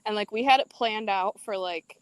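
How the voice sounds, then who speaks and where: A young woman guest in a casual chat, telling stories with lively energy and frequent laughter. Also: mid-range voice, normal speed, smooth, no echo, low-quality recording. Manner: laughing, animated storyteller.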